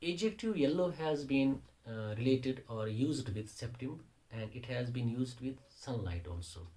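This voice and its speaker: A man's voice: mid-range voice, animated, normal speed, dark tone, low-quality recording. A man, a teacher explaining a poem in a lesson, restating lines and rephrasing phrases as he goes. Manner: repeats and rephrases phrases while searching for words. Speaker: English teacher.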